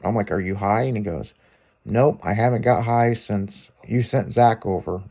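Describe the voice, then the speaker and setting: A man's voice: fairly low pitch, moderate pace, warm tone. Profane, laughing man spinning shop stories. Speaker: shop owner telling stories on a show. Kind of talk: casual storytelling chat.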